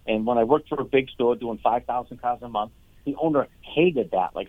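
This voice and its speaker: A man's voice: mid-range voice, normal speed, no room sound. Man over a dry, tinny phone line. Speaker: car dealership owner, guest. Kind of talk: casual interview.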